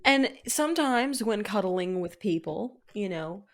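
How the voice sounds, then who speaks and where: A woman's voice: mid-range voice, expressive, unhurried. A young woman co-hosting a podcast, telling rambling personal stories in casual chat, full of "you know". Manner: rambling anecdotes with many "you know" fillers. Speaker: podcast co-host.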